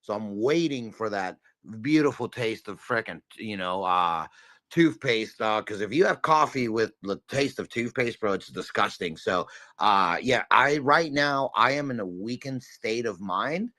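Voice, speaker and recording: A man's voice: fairly low pitch, lively intonation, unhurried, bright, forceful tone, no echo. A man co-hosting a casual livestream chat, rambling through jokey banter. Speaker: co-host.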